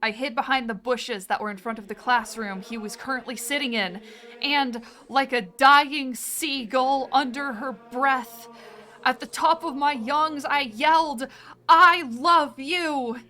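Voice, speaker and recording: A woman's voice: high-pitched, unhurried, pushed and bright. A young woman streamer playing a mock priest for her chat, theatrical and sarcastic, slipping into sing-song.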